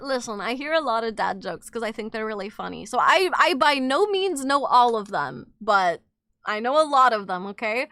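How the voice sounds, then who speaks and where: A woman livestreamer casually chatting with her viewers, excitable and giggly, swearing freely and reacting to chat messages. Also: high-pitched, moderate pace, clean tone, no room sound, clean studio sound.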